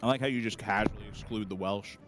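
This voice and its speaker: A man's voice: lowish voice, quick pace, over music. A man co-hosting a casual let's-play, joking, swearing and laughing often. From United States. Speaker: co-host of a gaming channel.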